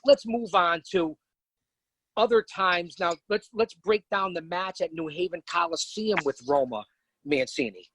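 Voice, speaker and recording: A man's voice: a little high, fairly bright tone, no room sound, poor audio. A man hosting a podcast, reading from his notes and emphatically quizzing his co-host. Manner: emphatic, addresses guest by surname. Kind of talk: interviewing from notes.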